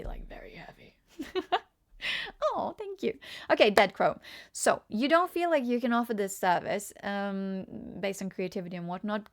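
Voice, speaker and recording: A woman's voice: medium pitch, gravelly. A chatty woman from Norway with a Norwegian accent, giving a casual live-stream tarot reading and often laughing while she answers chat comments. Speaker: tarot reader.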